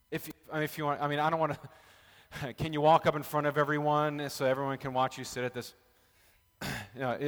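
A man's voice: a little high, fairly bright tone. A man, a pastor, leading a casual Bible study and joking with the group in the room. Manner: chatty, joking, talks with the group. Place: church room with a live group. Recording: long reverb of a large room.

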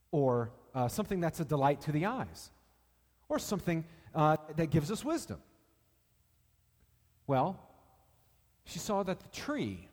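Lively preacher in an echoing hall. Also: male voice, a little high, husky. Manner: animated, joking asides to the congregation. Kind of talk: sermon.

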